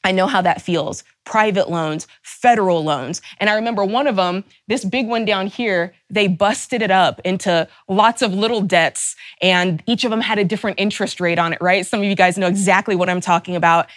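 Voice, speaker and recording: A woman's voice: medium pitch, moderate pace, hardly any pauses, dry recording, studio quality. A woman host giving a fervent, emphatic motivational talk, stacking rhetorical questions and openly angry on her listeners' behalf. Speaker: personal finance show host.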